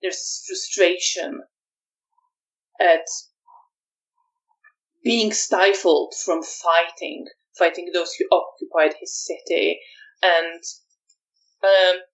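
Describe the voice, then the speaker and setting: A woman narrating a tabletop vampire game as storyteller, measured and hesitant. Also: on the low side, steady tone, recorded from a distance, poor audio.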